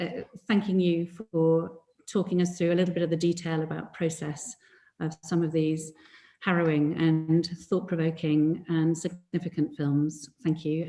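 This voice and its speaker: A woman hosting a talk event, speaking in a measured, formal way. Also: low-pitched, level tone, mellow. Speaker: host. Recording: roomy echo.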